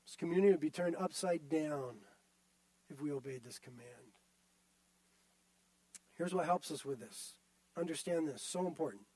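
A man's voice: a little high, very animated, a little slow, pauses often, darkish tone, no room sound. A male pastor delivering a sermon, emphatic and repetitive, often turning to the listeners directly.

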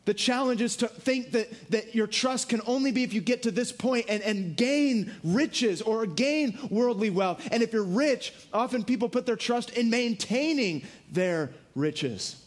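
High-voiced preaching man. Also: a little slow, few pauses. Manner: animated, dropping low for emphasis, acting out quotes. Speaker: pastor. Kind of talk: sermon.

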